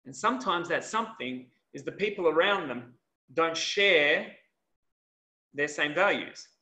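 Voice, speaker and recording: A man's voice: fairly high pitch, animated, a little slow, sharp tone, reverberant. A man, a health and wellness coach, giving an earnest, conversational coaching talk over a video call.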